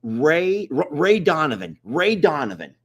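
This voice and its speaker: A man's voice: a little high, sing-song, unhurried, breathy edge. A man, co-hosting a live stream in a rambling, chatty way and laughing often. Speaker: livestream co-host. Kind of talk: casual chat.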